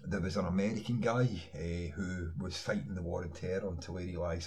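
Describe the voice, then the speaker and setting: A man's voice: low-pitched, fairly even intonation, a little fast, darkish tone, low-quality recording. A man in a ranting online monologue, insistent, firing rhetorical questions and filling gaps with "you know". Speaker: online commentator.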